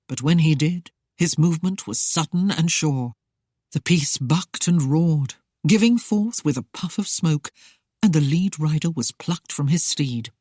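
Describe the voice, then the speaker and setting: An audiobook narrator reading a historical romance in a steady, even way. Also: mid-range voice, no echo, studio quality.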